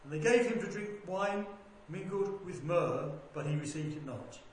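A man reading a Bible passage aloud in a measured, deliberate way, lifting his voice for quoted speech. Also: sits high. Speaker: scripture reader. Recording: very echoey room with faint background noise.

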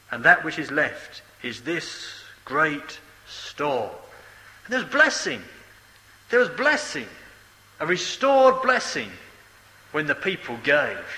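High, bright-voiced preacher in a hall. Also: male voice. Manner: emphatic preaching, repeats key phrases. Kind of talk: sermon. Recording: echoey hall with long reverb.

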